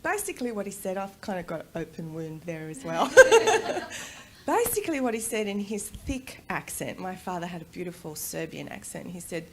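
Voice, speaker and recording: A middle-aged Australian woman giving a personal storytelling talk at a conference, animated and quick to laugh. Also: lowish voice, a little hiss or hum. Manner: animated, laughs often, acts out voices in quotes. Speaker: conference speaker. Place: conference room.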